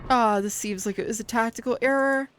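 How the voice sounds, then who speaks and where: An excitable woman on a gaming livestream, chatting to viewers while she plays and swearing freely. Her voice sits a little high. A faint hiss runs under the audio. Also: a little fast. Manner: excitable, swears often, talks to chat while playing. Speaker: VTuber streamer.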